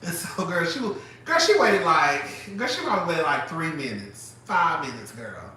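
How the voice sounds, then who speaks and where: A man's voice: on the high side, moderate pace. A man hosting a live stream from his phone, chatting casually and dramatically, laughing often. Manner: animated, dramatic, laughs often, calls listeners girl. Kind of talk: casual gossip chat. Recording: very echoey room, mic far off, faint noise.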